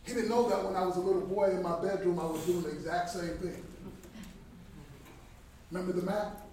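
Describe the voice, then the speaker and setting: A man in his fifties delivers an impassioned sermon, dropping to a hush and then rising loud for emphasis. His voice sits a little high for a man. The recording comes from a distance in a very reverberant hall with a faint hiss underneath. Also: fairly even intonation, brisk. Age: 50s. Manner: emphatic, swings from hushed to loud. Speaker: guest speaker at a Bible study. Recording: very echoey room, distant mic, faint background noise.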